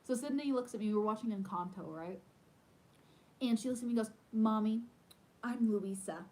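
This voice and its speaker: A woman in her thirties, a podcast host, chatting casually and telling animated stories with lots of "like". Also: a little high, fast, low-quality recording. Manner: chatty, animated storytelling with many "like"s. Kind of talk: casual chat.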